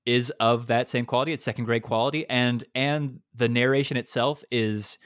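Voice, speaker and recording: A man in the middle of a casual gaming podcast, venting at length and tripping over his own restarts. His voice sits at an ordinary middle pitch. The close microphone sounds dry, with no room around it. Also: normal speed, clear, resonant tone, dry recording. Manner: animated, ranting, lots of restarts. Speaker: podcast co-host.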